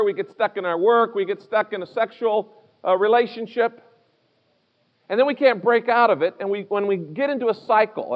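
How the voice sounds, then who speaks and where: A man preaching a sermon as pastor, telling a story and speaking conversationally to his congregation. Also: high voice. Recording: dull sound with long hall reverb.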